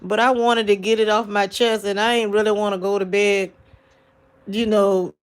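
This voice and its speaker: A grieving woman talks into her phone or webcam late at night, her voice soft and halting, full of restarts. She speaks, tearful and worn down. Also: mid-range voice, level tone. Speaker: livestream vlogger. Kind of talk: late-night livestream talk to viewers.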